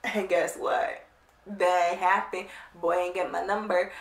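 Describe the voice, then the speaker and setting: A woman vlogger telling a casual storytime, animated, blunt and emphatic. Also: fairly low pitch, unhurried. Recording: roomy, distant mic.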